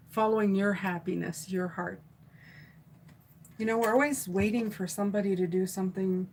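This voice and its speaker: A woman's voice: medium pitch, a little hiss or hum, rough recording. Chatty woman reading tarot live. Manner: chatty, warm, rambling with fillers and restarts. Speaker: tarot reader. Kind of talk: live stream tarot reading, reading chat comments.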